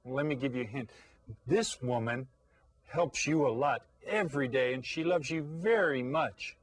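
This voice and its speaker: A man teaching a recorded lesson for young children, patient and full of questions, saying each Spanish word slowly. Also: mid-range voice, no room sound, low-quality recording.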